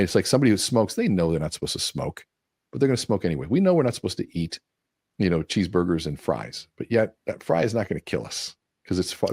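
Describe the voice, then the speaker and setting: A man's voice: sits low, husky, dry recording, studio quality. A man speaking as a guest in a conversational interview, telling stories and acting out quoted dialogue. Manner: animated storyteller acting out quotes.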